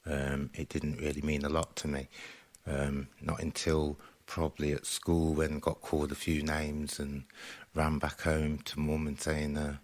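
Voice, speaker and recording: A man with an exceptionally deep, low voice talks calmly in a documentary interview. He takes his time and lets "um" fill the gaps between thoughts. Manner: calm, unhurried, pauses with "um".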